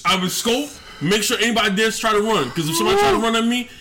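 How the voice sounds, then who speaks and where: Animated, bright-voiced New man. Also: high voice, quick pace, noisy background. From New York. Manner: animated storytelling, profane, acts out bits. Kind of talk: casual chat.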